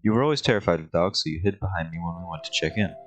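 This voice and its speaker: A man voicing a protective older sibling in a game, speaking gently and reassuringly. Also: deep voice, animated, rapid-fire, faint music behind.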